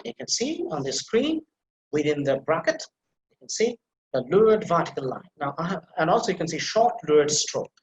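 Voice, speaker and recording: A man's voice: high voice, roomy sound, slight background noise, rough recording. A man teaching a pronunciation class on a video call, explaining patiently with many fillers and repetitions.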